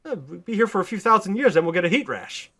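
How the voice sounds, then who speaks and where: A man voicing Superman in a hushed, panicky tone. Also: high-pitched, animated, fast talker, voice pushed up, exaggerated voice. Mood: panicked. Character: flustered hero, adult man.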